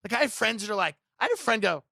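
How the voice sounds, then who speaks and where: Male comedian, sardonic and provocative storyteller, slightly high pitch, dry studio sound. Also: lively intonation, racing, creaky, bright, forceful tone, dry recording.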